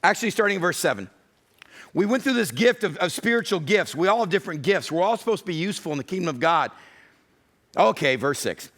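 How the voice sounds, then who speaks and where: A man's voice: sits high, animated, fairly quick, a bit bright. A middle-aged male pastor preaching a sermon with emphasis, often voicing God's words as quotes.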